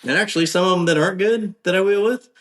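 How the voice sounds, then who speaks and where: A man's voice: high voice, quick pace, fairly bright tone. A man guesting on a podcast, talking casually in a rambling, hesitant way with many ums and restarts. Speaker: podcast guest, off-road driver.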